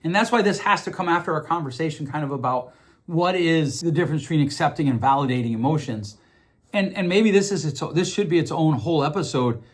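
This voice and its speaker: A podcast host with a slightly high voice talks fast in a casual, explanatory monologue. Conversational in manner, he repeats words while thinking and acts out quoted voices.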